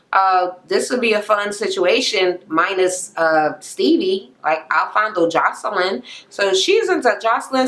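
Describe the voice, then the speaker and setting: A young woman recapping a reality TV episode in a casual, profane rant. She acts out the people she quotes with sudden jumps in pitch, uses many fillers and laughs at the scenes. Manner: animated retelling, acting out quoted people with sharp pitch jumps.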